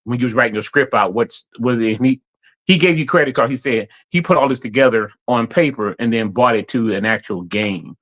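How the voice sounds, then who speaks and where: A man on a casual podcast who tells animated stories, jumping into other people's voices and laughing through them. His voice sits at a middle pitch. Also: a little fast. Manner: animated storyteller, laughs often, acts out quotes. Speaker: guest player.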